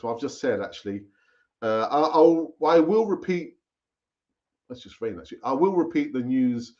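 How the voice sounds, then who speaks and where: A man's voice: mid-range voice, dark tone. A man hosting a live football fan stream, chatting casually and repeating himself as he urges viewers to comment. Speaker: fan channel host. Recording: dull lo-fi stream audio.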